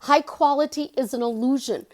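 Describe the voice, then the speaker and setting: A woman life coach talking casually to her channel viewers, animated and chatty, leaping up in pitch for emphasis. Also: moderate pace. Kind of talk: casual vlog monologue.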